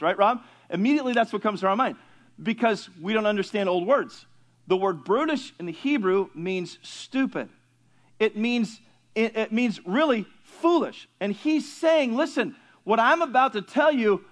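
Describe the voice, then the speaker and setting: Male pastor with a high voice, teaching scripture conversationally, quizzes and teases the class. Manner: conversational, asks the class questions, jokes with listeners. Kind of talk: teaching sermon.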